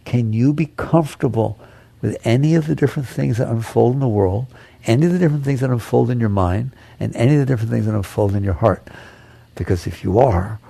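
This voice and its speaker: A man's voice: mid-range voice, creaky, mellow, husky, no room sound. A man giving a spiritual talk as a teacher, emphatic and repetitive, asking rhetorical questions. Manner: emphatic, repeats key phrases, rhetorical questions.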